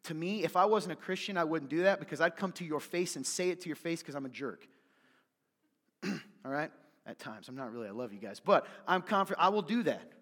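Fired-up preacher in a reverberant hall. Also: male voice, a little high, lively intonation, a little fast. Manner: fired-up preaching that drops to soft, confiding asides. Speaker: pastor. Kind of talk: sermon.

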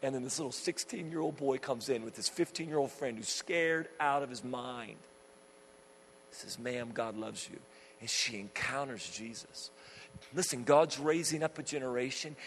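A man's voice: medium pitch, slight background noise. A man preaching a sermon, telling stories fervently and emphatically, often repeating his phrases. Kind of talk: sermon with storytelling. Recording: long hall reverb.

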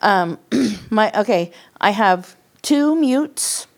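This middle-aged woman draws out her words in a mid-range voice with lively intonation as she shares her personal testimony on a podcast. Candid and casual, she laughs often and dramatizes what people said.

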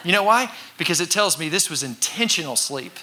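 A man preaching a sermon to a congregation, talking conversationally, acting out voices and sometimes shouting for effect. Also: on the high side, animated, fairly quick. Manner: conversational with congregation call-and-response. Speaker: pastor.

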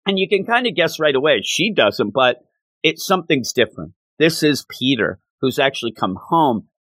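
A man casually recapping a comic book story, explaining it in an animated way and slipping into the characters' lines. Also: medium pitch, moderate pace, no room sound. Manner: animated, acts out quoted lines.

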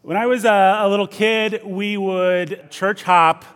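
Male pastor, storytelling sermon, higher voice, reverberant sanctuary. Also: steady tone, unhurried, fairly bright tone, clear, resonant tone. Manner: storytelling, conversational with wry asides. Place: church.

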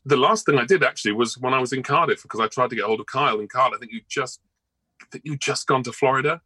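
A man's voice: mid-range voice, very fast, bright, forceful tone, slightly rough, dry recording, rough recording. A male actor chatting as an interview guest, rambling along with many ums and restarts. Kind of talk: casual interview chat.

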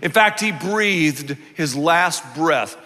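Guy preaching a sermon, pretty high bright voice, big echoey church hall, animated storytelling. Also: takes it slowly. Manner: animated storytelling, acting out his own inner voice. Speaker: pastor. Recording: long reverb of a large hall.

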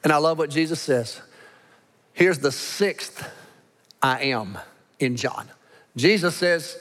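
Emphatic preacher in a reverberant sanctuary. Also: male voice, a little high, expressive, a bit bright. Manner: emphatic preacher, swings between fast asides and slow weighty lines. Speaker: pastor. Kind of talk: sermon. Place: large church sanctuary. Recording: long hall reverb.

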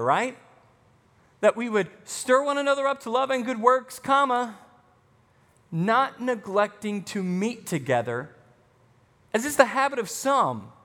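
A man's voice: high-pitched, a bit bright. A man preaching a sermon as pastor, emphatic, with punchy rising lines. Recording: long hall reverb.

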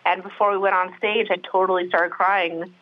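A woman's voice: on the low side, little pitch movement, moderate pace, dull audio. A middle-aged woman, a guest on a podcast, talking candidly in a casual chat with plenty of fillers and restarts. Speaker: interview guest, brow artist.

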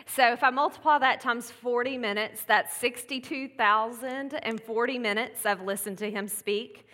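A woman's voice: a little high, normal speed, pushed and bright. A woman, giving a casual, chatty Mother's Day sermon with laughing asides. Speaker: pastor's wife giving a Mother's Day message. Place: church sanctuary. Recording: long church-hall reverb.

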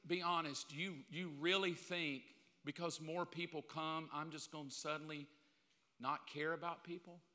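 Pastor, male, fifties, high bright voice, candid jokey sermon, church hall reverb. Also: steady tone, normal speed. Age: 50s. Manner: candid, joking, acts out little scenes.

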